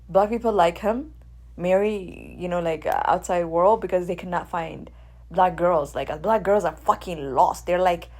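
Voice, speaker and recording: A woman from Ethiopia, hosting a radio show in a blunt, animated monologue. She swears freely and keeps asking her listeners "right?". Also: lowish voice. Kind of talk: casual opinion monologue.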